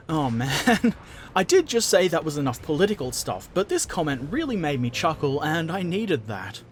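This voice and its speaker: A man's voice: a little high, very animated, normal speed, a little hiss or hum. A man hosting a gaming channel, casually answering viewer comments with jokes and silly put-on voices.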